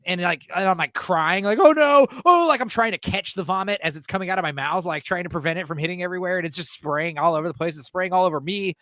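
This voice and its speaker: A man hosting a casual podcast, telling stories animatedly and acting out scenes with sudden high yelps. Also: steady tone, quick pace, hardly any pauses, pushed and bright, no echo, studio quality. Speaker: podcast host. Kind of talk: casual chat.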